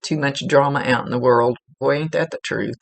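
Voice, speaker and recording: A psychic medium gives a spirit reading, relaying messages in an earnest, chatty way and repeating words for emphasis. Her voice is very deep with vocal fry and fairly even intonation, and she speaks at a moderate pace with no echo.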